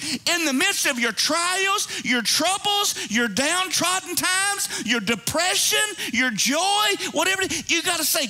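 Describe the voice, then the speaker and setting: A man's voice: very high-pitched, lively intonation, unhurried, hardly any pauses, pushed and bright. A pastor in his fifties preaching a sermon. He is exuberant and jokey and breaks into whooping exclamations.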